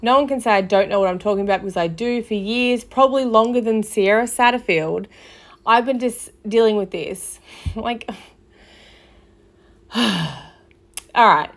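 A woman's voice: fairly high pitch, measured pace, pauses often. A woman hosting a casual commentary podcast, talking in a loose, gossipy way with lots of fillers and swearing. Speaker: podcast host.

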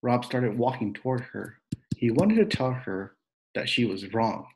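Slow, steady male storybook reader. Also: mid-range voice, gravelly, slight background noise, poor audio. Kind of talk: reading a novel aloud.

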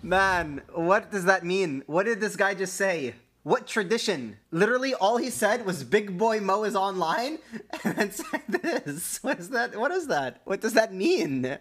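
A man's voice: high-pitched, very animated, measured pace, fairly bright tone. A young man streaming casually, laughing often and swearing as he chats with viewers. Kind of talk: casual livestream chat.

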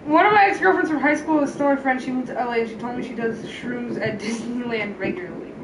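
A woman's voice: on the high side, fast, far from the mic, background noise. A woman co-hosting a casual gameplay session, making playful, teasing remarks. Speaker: co-host sidekick. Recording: roomy sound from off-mic, game music. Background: game music.

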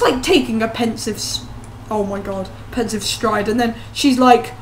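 A woman's voice: a little high, normal speed, a little hiss or hum. A woman with a rambling, self-mocking, jokey manner, giving casual commentary while playing a life-sim game. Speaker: let's play host. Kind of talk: gameplay commentary.

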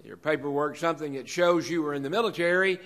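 A man's voice: fairly high pitch, quick pace, a bit bright. A man hosting a live show, folksy and direct, giving announcements to the audience in the room. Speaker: host.

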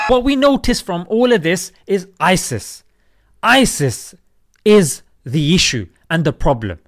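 A man with a high, lively voice holds forth in an opinion monologue about current events. He talks emphatically and keeps hitting the listener with rhetorical questions. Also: unhurried. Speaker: commentator.

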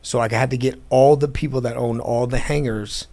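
In an airplane hangar, a man with a mid-range, creaky voice speaks at normal speed about his business. The interview is casual, and he's animated, acting out the quoted dialogue of those in his story.

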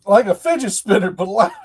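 A man hosting a casual live stream, drifting from story to story in a folksy, self-mocking way. His voice sits a bit high for a man, and he keeps breaking into laughter at his own jokes. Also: slightly rough. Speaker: host. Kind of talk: casual livestream chat.

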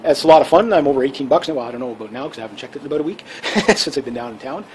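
A man's voice: medium pitch, expressive, very fast, a little hiss or hum, poor audio. A man hosting a casual opinion vlog, talking assertively in a rambling way. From Canada. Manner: assertive, rambling, with fillers and restarts. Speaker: channel host.

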